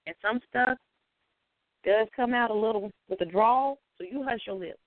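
A woman with a Southern US accent, chatting as a guest on a talk show and telling stories in an animated, drawling way. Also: a little high, moderate pace, no room sound. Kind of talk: casual chat. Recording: dry, phone-like sound.

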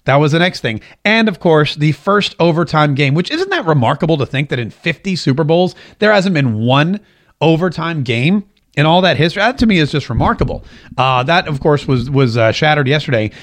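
A man hosting his own talk show in a casual, jokey monologue, animated and doing voices when he quotes people. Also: fairly high pitch, a little fast. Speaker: radio talk show host.

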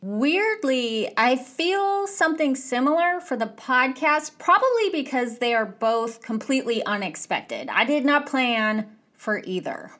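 A woman's voice: sits high, very animated, unhurried, hardly any pauses, fairly bright tone. A woman hosting a podcast, talking in an effusive, enthusiastic way as she opens the show and interviews a guest. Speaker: podcast host.

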